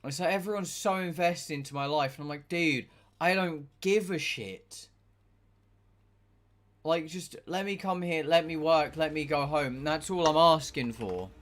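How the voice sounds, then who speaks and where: A man's voice: fairly high pitch, moderate pace, hardly any pauses. A young man, chatting casually and ranting with exasperation while he streams a game. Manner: ranting, exasperated, swears a lot. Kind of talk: casual chat while gaming.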